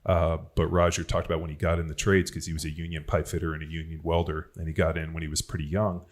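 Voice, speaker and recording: A bass-voiced man talks fast in a flat delivery. He's a former NFL player hosting a podcast, casually chatting through rambling, profane stories about football and physical strength.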